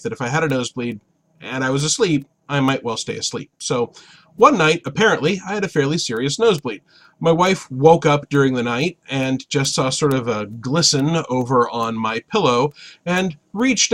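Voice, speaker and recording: Lively, bright-voiced man telling a tale. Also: on the high side. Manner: animated, wry storytelling with bursts of shouting. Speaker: storyteller. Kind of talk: comic personal anecdote.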